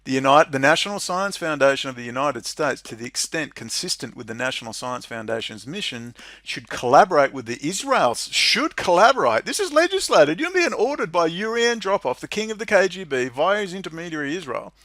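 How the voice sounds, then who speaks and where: A man's voice: on the high side, very animated, fairly quick, hardly any pauses, dry recording, clean studio sound. A middle-aged man with an Australian accent gives a sarcastic, mocking monologue, reading out legislation and commenting on it. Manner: sarcastic, mocking, swings into loud incredulous laughter. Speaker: political commentator.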